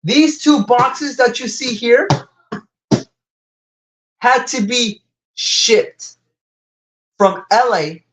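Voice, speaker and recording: A young man with a slight Latin American Spanish accent streams a live toy unboxing. He gushes and rambles, and his voice leaps high whenever something delights him. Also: a little hiss or hum, poor audio. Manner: excitable, gushing, wide pitch jumps.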